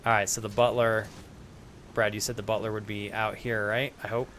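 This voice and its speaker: A man's voice: fairly low pitch, level tone, normal speed, fairly bright tone, slight background noise. A man streaming a video game, chatting casually with viewers, calling them by name and swearing now and then. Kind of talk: casual live-stream chat.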